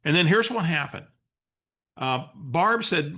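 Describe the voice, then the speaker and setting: A man leading a coaching webinar, telling a story in an animated, restarting way. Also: on the high side, slow pace. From San Antonio area, US. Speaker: real estate coach. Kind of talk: webinar training talk.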